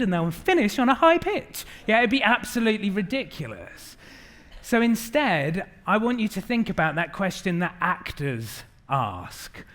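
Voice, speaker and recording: A middle-aged man giving an animated keynote talk to a live audience, acting out the quotes in his stories. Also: sits high. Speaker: conference speaker.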